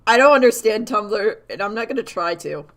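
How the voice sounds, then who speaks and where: A woman chatting casually while she draws on a live stream, rambling and animated, laughing often and filling her talk with "like". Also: mid-range voice, brisk. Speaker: artist streamer.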